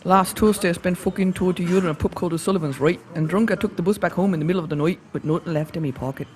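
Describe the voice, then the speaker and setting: A woman's voice: fairly low pitch, very fast, darkish tone, lightly acted. A woman voicing a rowdy working-class Dublin pub-goer with a broad Dublin accent, telling a brash, swearing tale. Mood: boisterous.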